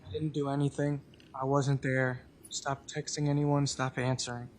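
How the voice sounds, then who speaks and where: A man's voice: medium pitch, little pitch movement, moderate pace, a little hiss or hum. A man testifying as a defendant in court, subdued and emotional, answering in short replies. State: emotional, near tears. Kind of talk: witness testimony. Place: courtroom witness stand.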